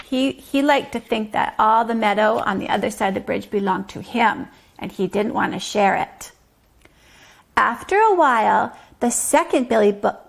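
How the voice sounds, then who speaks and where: Slow-talking woman reading to toddlers. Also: medium pitch, gravelly. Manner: slow, gentle, explaining. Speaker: preschool teacher. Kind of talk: reading a story aloud to toddlers.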